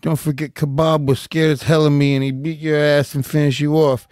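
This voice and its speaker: A man voicing a streetwise fighter firing back blunt, slang-heavy insults at a rival. The voice is somewhat high for a man and sounds dry and close-miked. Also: little pitch movement, brisk, darkish tone, no room sound, lightly acted. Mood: defiant. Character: defiant streetwise male fighter hurling insults. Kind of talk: podcast impression bit.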